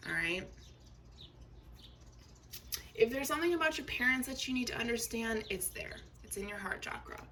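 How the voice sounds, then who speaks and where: A woman's voice: fairly high pitch, expressive, fast, sharp tone. A woman giving a casual tarot reading to her viewers, chatty and reassuring, often checking in with "okay?". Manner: chatty, reassuring, filler words, addresses viewers directly. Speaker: tarot reader. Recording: slightly distant mic with faint noise.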